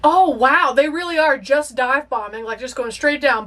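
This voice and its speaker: A young woman with a high, bright-pitched voice reacts to a movie she's watching for the first time. She is excitable and emotional, talking straight back to the characters on screen. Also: normal speed.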